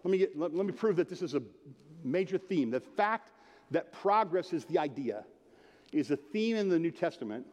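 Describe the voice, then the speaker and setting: A man's voice: on the high side, animated, moderate pace, a little mellow, highs cut off. A man preaching a sermon as pastor, casual and jokey, talking straight to the congregation. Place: church. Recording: long hall reverb.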